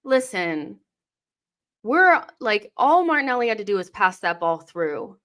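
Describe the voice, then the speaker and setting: A young woman hosting a live football watchalong, reacting to the match, swearing and shouting at the players. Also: mid-range voice, lively intonation, moderate pace.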